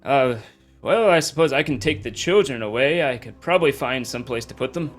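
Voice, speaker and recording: Brief: man playing a pompous older gentleman, light put-on voice, faint music. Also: mid-range voice, expressive, brisk, lightly acted. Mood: dismissive.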